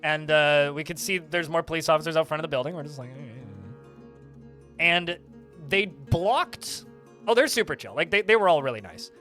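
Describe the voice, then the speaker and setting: A man's voice: fairly high pitch, lively intonation, fairly quick, bright, forceful tone, soft background music. A man streaming a game, casually telling a rambling anecdote full of fillers. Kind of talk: casual storytelling while playing a game.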